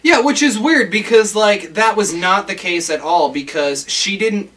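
A man with a somewhat high voice talks through his theories about a TV episode in loose, joking podcast chat. His speech is full of "like" and "you know." He sits a little back from the microphone. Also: animated, unhurried, a bit bright, distant mic. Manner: speculative, filler-heavy, jokey. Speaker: podcast co-host. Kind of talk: casual chat recapping a TV episode. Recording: voice a bit off-mic.

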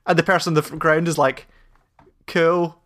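A man in casual podcast chat about a game, talking animatedly with lots of swearing, acting out the scenes he describes in quick voices. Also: fairly high pitch, fairly even intonation, fairly bright tone. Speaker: podcast co-host.

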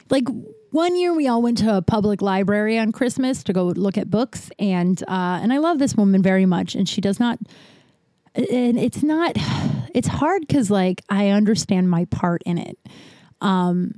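Woman, 30s, solo podcast host; warm, mellow tone, dry close sound, loose confessional rambling. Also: mid-range voice, no room sound. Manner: rambling and confessional, with many fillers and "right?". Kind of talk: casual solo podcast monologue.

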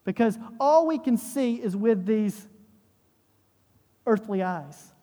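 A pastor delivers an emphatic sermon in a mellow, warm voice, driving points home with rhetorical questions and repetition. The voice rings out with a long hall reverb in a church sanctuary. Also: medium pitch, expressive, slow.

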